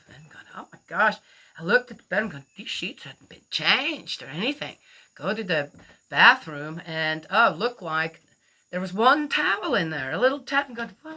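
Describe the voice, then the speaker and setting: A woman's voice: medium pitch, pushed and bright. Chatty woman telling a story. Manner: rambling, chatty, many fillers and acted-out quotes. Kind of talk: casual spoken storytelling.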